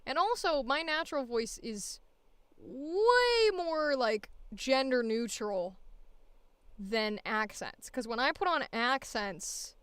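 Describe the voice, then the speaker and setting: A woman's voice: a little high, a bit bright, smooth, no echo. A woman voice actor chatting casually and thinking aloud while she records an audition.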